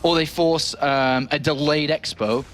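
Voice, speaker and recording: A man with an English accent commentating an esports match, upbeat and joking, talking in rapid bursts. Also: a little high, fairly even intonation, over music. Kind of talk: play-by-play game commentary.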